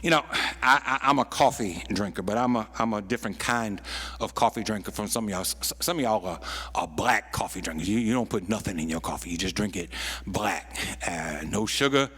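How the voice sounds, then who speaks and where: A man's voice: fairly low pitch, a little fast, a bit bright, slightly rough, long reverb tail. A pastor preaching a sermon, repeating words as he builds a point and dropping in folksy asides. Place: church sanctuary.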